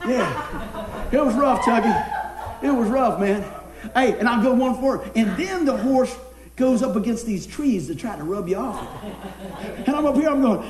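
A man's voice: very high-pitched, expressive, normal speed, echoey room, a crowd in the background. A man preaching a sermon in a folksy way, telling a funny personal story and laughing as he goes.

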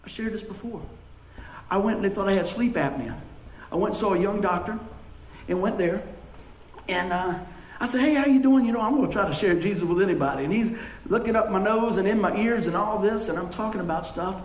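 A man preaching a sermon, telling animated stories and calling out for responses from the congregation. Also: high voice, brisk, roomy sound, low-quality recording. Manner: animated storytelling with call-and-response. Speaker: pastor.

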